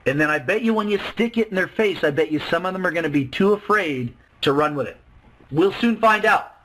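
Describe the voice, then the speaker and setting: A man with a high, bright voice pitches a business plan over a webinar microphone. He talks with loud, excited emphasis and keeps swinging into little acted-out dialogues. His energy stays high and insistent throughout. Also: a little fast, a little hiss or hum, rough recording. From Canada. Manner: excited, emphatic, acts out both sides of dialogues. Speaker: network marketing presenter on a webinar. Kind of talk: animated sales pitch to a webinar.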